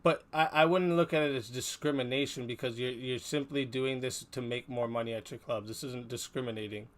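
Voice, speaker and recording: A man's voice: medium pitch, steady tone, fairly quick. A man hosting a casual debate chat who repeats himself and restarts his sentences. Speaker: debate show host.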